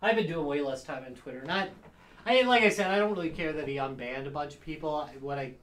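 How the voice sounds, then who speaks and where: A man's voice: on the high side, lively intonation, fast talker, fairly bright tone. A man co-hosting a casual podcast chat, jokey and rambling, often laughing. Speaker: podcast co-host.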